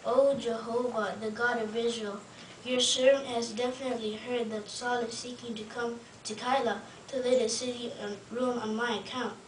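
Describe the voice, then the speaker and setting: A woman reading a man's earnest prayer aloud in a slow, pleading way. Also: on the high side, level tone, slight background noise, close to an everyday voice. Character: David, a man pleading in prayer. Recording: roomy, distant mic, faint ambience.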